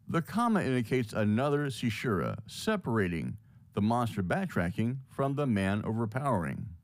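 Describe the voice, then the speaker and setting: A man's voice: medium pitch, big pitch swings, moderate pace, no echo. A man reading a scripted lesson on poetry, explaining each point.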